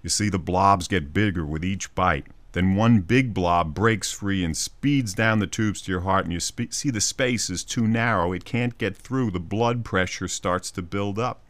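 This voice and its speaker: With a low-pitched, slightly bright voice, this radio psychologist reads scripted commentary at a measured pace, barely pausing. He narrates a lively everyday moment and voices little quoted lines along the way, with no room sound.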